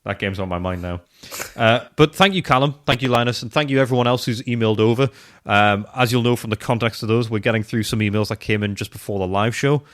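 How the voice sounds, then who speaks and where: A man's voice: fairly low pitch, fast. A man co-hosting a podcast in casual, self-deprecating chat. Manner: chatty, self-deprecating, trails off and restarts. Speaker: podcast co-host.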